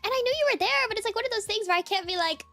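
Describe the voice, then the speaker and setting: Her voice is very high-pitched, pushed and bright, with faint music playing behind as this woman streamer casually talks with her chat. Slightly worn-sounding, she giggles, teases, rambles with fillers, and reads out viewer names quickly.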